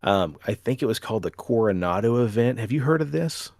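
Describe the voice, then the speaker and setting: A man's voice: mid-range voice, fairly quick, no room sound. A man co-hosting a casual paranormal podcast, reading a news story aloud and laughing often. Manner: animated, laughs often, gravelly. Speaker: podcast co-host.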